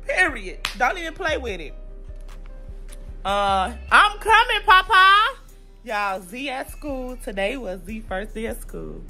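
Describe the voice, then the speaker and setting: A woman's voice: a little high, big pitch swings, normal speed, hardly any pauses, bright, forceful tone, soft background music. A young woman vlogging casually at home to her viewers, chatty and playful, full of slang. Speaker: vlogger and mother. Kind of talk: casual vlog talk to viewers. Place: home, indoors.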